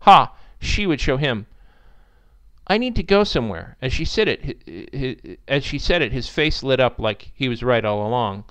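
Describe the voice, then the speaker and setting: A man narrating a story in an expressive, animated reading style. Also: mid-range voice, normal speed, few pauses, smooth.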